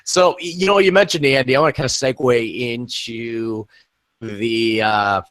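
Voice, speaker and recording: Guy host asking casual questions, jokey, lots of uh and you know, mid pitch. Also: unhurried, a bit bright. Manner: loose and joking, with many fillers. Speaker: podcast host.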